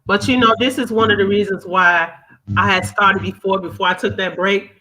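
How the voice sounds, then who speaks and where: A woman's voice: mid-range voice, steady tone, normal speed, bright, forceful tone, rough recording. A woman hosting a talk podcast, speaking in a heartfelt, emphatic way about the show's purpose and thanking her guest. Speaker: podcast host. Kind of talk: casual talk show chat.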